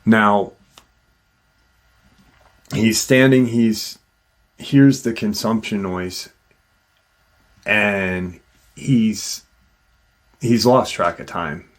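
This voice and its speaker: A man hosting a show, retelling a listener's encounter in a halting, casual way with frequent restarts. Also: on the low side. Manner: halting, with many restarts and fillers. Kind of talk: casual storytelling.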